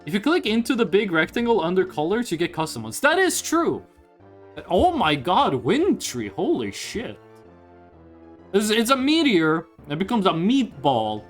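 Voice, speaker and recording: A man streaming live, chatting casually with viewers, hyped and swearing, reading chat aloud in a voice he pitches higher on stream. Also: very animated, measured pace, faint music behind.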